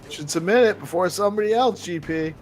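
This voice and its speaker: A man with a somewhat high voice hosts a live stream in a loose, casual way. He explains the game and nudges the players along. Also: fast, faint music behind. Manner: explains and encourages, talks loosely.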